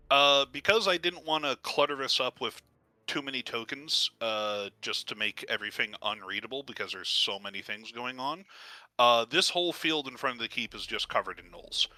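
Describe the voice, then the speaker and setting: A man's voice: medium pitch, bright, forceful tone, no room sound. A man acting as game master, explaining the rules to his players in a loose, conversational way with many "uh" fillers.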